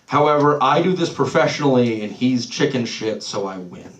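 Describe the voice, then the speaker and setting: A man's voice: mid-range voice, lively intonation, moderate pace, muffled recording, background noise. Roomy, distant stand-up comic, man. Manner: loose, swearing, loses his place and laughs it off. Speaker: stand-up comedian. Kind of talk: live stand-up set. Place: small comedy club stage. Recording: roomy club sound from off-mic.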